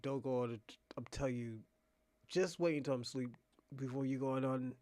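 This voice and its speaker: A man, hosting his own channel in a casual unscripted monologue, mocking and laughing, swinging between quiet mutters and loud outbursts. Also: medium pitch, brisk, no room sound.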